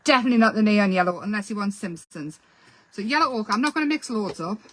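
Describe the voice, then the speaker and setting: A woman's voice: medium pitch, lively intonation, fast talker, fairly bright tone, poor audio. A woman hosting a casual painting tutorial, chatty and self-deprecating as she explains while she works. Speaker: craft channel host.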